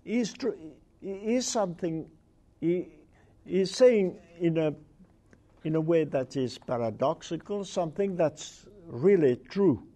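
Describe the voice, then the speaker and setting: High-voiced guy giving a lecture, slow and halting, keeps hunting for words. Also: expressive, warm tone. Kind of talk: academic lecture.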